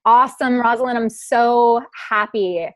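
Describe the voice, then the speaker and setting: Slow, warm-toned woman hosting a webinar. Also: on the high side, no echo. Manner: warm, encouraging, affectionate with the audience. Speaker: host of a live online masterclass. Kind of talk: live webinar Q&A. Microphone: video call.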